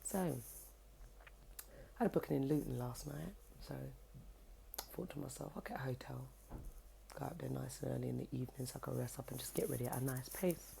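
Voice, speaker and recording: A young woman, telling a story to camera in a casual, cheeky, animated way, swearing freely, at home. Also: rumbling low, moderate pace, vocal fry, pauses often, slight background noise. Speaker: vlogger. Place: at home, indoors by her kitchen window.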